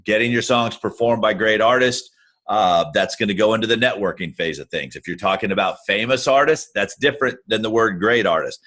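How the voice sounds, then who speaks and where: This is a man with a low voice who is a guest on a Q&A call. His advice comes out blunt and matter-of-fact, and he talks straight to listeners over a video call. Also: a little fast, a bit bright. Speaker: guest music-industry adviser. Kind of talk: casual advice in a Q&A.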